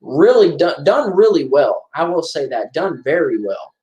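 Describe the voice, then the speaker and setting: A man giving casual, excitable commentary over a horror movie, rambling and restarting his sentences. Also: a little high, measured pace, lo-fi sound. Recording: echoey room.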